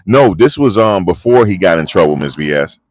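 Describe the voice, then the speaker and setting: A man with a low voice hosts a casual livestream. His pitch swings widely as he tells slangy, animated stories. He responds to chat comments as they come in, and the sound is dry and close. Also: brisk, dry recording. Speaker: livestream host.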